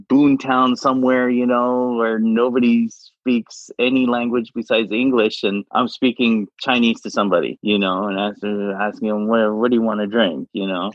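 Chatty, husky-voiced man in conversation. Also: lowish voice, no room sound, muffled recording. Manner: chatty, animated storyteller who laughs as he talks. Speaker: interview guest. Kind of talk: casual interview chat.

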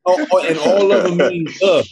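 A man's voice: high-pitched, normal speed, crowd noise. A man with an American accent in a casual chat, laid-back and slang-heavy, joking and emphatic.

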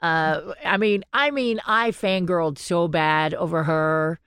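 A woman co-hosting a podcast, retelling stories with animated quoted voices. Her voice sits a little low for a woman. The sound is dry and close to the mic. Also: slow pace, clear, resonant tone, no echo. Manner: animated storytelling, acting out quotes. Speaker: podcast co-host. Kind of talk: casual podcast chat.

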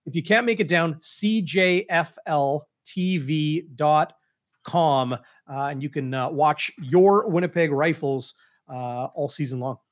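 A man's voice: fairly high pitch, measured pace. A man hosting a sports talk show, filling his talk with uhs and ums. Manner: filler-heavy, meandering.

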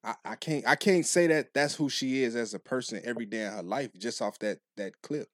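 Relaxed, cursing podcast co-host, mid-pitched man, dry close mic. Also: fairly quick, no echo. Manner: laid-back, profane, philosophizing. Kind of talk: casual chat.

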